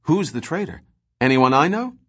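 A man voicing a curious, blunt young male space trader who fires off quick, surprised questions. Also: medium pitch, big pitch swings, slightly rough, voice pushed up.

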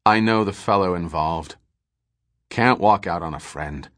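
A man's voice: deep voice, a little slow, fairly bright tone. A man voicing a weary, gloomy male space trader who talks in clipped, wry remarks.

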